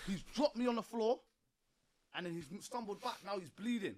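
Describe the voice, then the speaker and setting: A man in his twenties tells his story with a high voice that leaps up and down. He talks in slang and laughs often. The sound is dry and close, with no room echo. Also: lively intonation, normal speed, darkish tone. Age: 20s. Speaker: guest. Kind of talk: animated storytelling.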